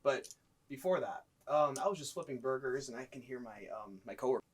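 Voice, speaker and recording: A young man casually telling stories about his fast food job, swearing a lot and acting out the people in loud, high voices. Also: animated. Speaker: guest telling work stories. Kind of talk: casual storytelling chat.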